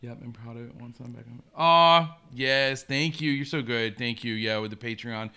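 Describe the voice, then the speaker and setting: A man hosting a relaxed live stream, talking in a bright, forward voice. He chats eagerly and answers viewer comments as they come in. His pitch sits in an ordinary middle range for a man. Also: normal speed, clear, resonant tone. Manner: chatty, enthusiastic, reacts to viewer comments. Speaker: host. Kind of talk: casual live-stream chat.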